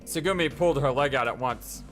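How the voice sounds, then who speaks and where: A let's play host reading a visual novel aloud and reacting in an excitable, stammering way. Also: male voice, mid-range voice, a little fast, faint music behind.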